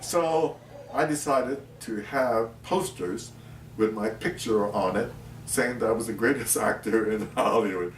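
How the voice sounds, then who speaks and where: A man's voice: lowish voice, unhurried. Older guy spinning showbiz tales, roomy echo, kinda far from the mic, faint room hum. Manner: animated anecdote-telling, laughing as he tells. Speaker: interviewee, actor. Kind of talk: storytelling in an interview. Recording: echoey room, mic at a distance, faint ambience.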